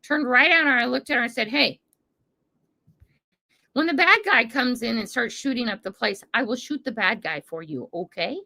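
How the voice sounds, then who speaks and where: A woman's voice: a little high, lively intonation, moderate pace, gravelly, sharp tone. An older American woman hosting a livestream, chatting casually with viewers and laughing often. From United States. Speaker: livestream host reading chat. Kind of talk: casual chat.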